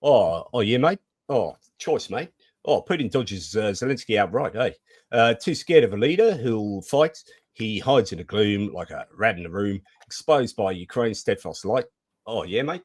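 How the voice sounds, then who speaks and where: A man's voice: lowish voice, animated, normal speed. A man doing a jokey New Zealand bloke. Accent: New Zealand (put on).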